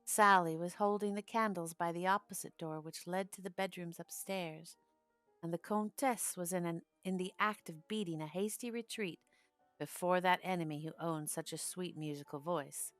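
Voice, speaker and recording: A woman narrating a classic novel as an audiobook in a measured storytelling manner. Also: fairly low pitch, fairly bright tone, no room sound, faint music behind.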